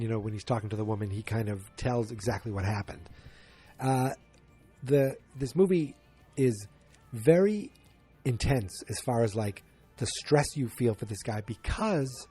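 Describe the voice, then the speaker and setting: A man's voice: medium pitch, mellow, husky. A man hosting a podcast, talking through a movie's plot in a rambling way, often correcting himself and acting out the characters' lines. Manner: rambling, self-correcting, acts out quoted lines. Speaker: podcast host. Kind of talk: casual movie review monologue.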